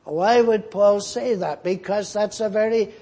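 Male preacher, high and slow, husky, mellow tone, dramatic sermon delivery. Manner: animated, dramatic voicing of scripture figures.

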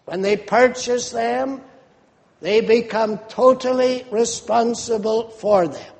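A man preaching a sermon in a measured, emphatic way, repeating phrases for stress. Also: very high voice, gravelly, darkish tone. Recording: long reverb of a large hall.

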